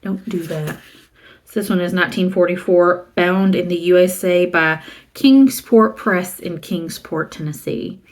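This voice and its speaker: A woman's voice: fairly low pitch, unhurried. A middle-aged woman from the American South, chatting casually and rambling as she shows a used book haul and reads the titles aloud. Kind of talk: casual chat.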